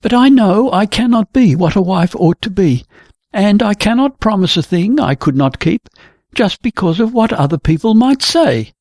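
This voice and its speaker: A reader voicing a young woman artist who speaks quietly, firmly and reflectively. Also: medium pitch, lively intonation, normal speed, no echo, studio quality, natural voice. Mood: resolute.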